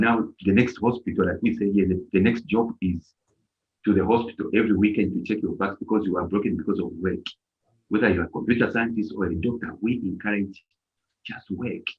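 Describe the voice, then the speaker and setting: A man giving an informal motivational talk on a live stream, emphatic and repetitive as he tells stories. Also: fairly low pitch. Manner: animated, emphatic storytelling with repetitions. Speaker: live stream speaker advising volunteers. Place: lives in Germany. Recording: dull lo-fi live stream audio.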